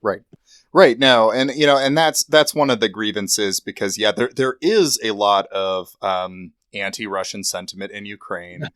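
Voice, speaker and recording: A man hosting a podcast in casual political chat, speaking in a measured way with plenty of fillers and short agreements. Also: on the low side, fairly bright tone, clear, resonant tone, no echo, clean studio sound. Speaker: podcast host.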